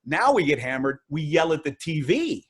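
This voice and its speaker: A man's voice: fairly high pitch, sing-song, moderate pace, a bit bright, breathy edge. A man doing stand-up from home on a video call, rambling and giggling through jokes about his marriage. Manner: rambling, giggly, self-mocking. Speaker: stand-up comedian.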